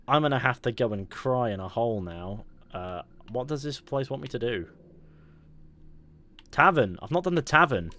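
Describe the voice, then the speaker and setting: A young man chatting casually through a live game stream into a headset, rambling, restarting his sentences and getting excited. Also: mid-range voice.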